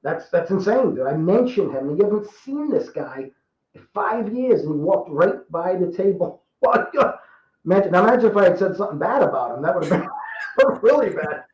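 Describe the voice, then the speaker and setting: A man's voice: sits high, sing-song, moderate pace. A man in his fifties from Rhode Island, a podcast guest telling stories in a rambling, chatty way. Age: 50s. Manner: rambling, chatty, repeats and restarts. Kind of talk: casual storytelling. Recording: roomy, dull lo-fi sound.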